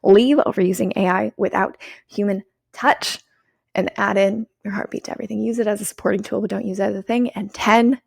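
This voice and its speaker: A woman hosting her own podcast, giving an energetic, swearing pep talk to her listeners. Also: mid-range voice, brisk, vocal fry, husky, no echo, clean studio sound. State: out of breath. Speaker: podcast host and business coach. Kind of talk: solo podcast monologue.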